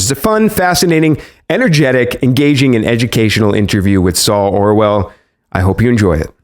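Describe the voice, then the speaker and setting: A man hosting a podcast, reading a lively, playful intro and then interviewing his guest. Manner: lively, playful, varies pitch for emphasis. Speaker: podcast host.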